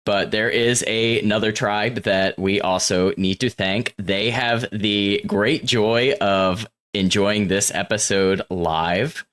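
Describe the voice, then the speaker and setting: Deep-voiced upbeat male podcast host. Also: fairly even intonation, slow pace, few pauses, a bit bright. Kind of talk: casual podcast chat.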